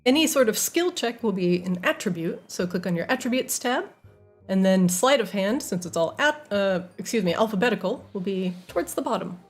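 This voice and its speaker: A woman's voice: medium pitch, lively intonation, fairly quick, soft background music. A woman narrating and explaining the rules as game master of a tabletop role-playing game, chatty with many fillers.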